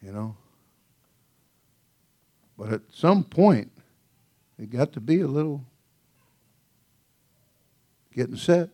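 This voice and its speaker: A man's voice: mid-range voice, expressive, measured pace, long pauses, mellow. A male senior pastor preaching a sermon in a folksy, joking way, often laughing and calling out "oh, brother.".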